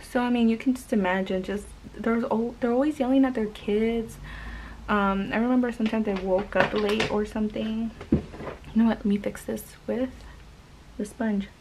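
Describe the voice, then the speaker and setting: Woman vlogger, gravelly fry, casual storytime, rambling fillers, slight background hum. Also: fairly high pitch, steady tone, normal speed, a little mellow, low-quality recording. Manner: rambling, many fillers and restarts. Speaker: mother.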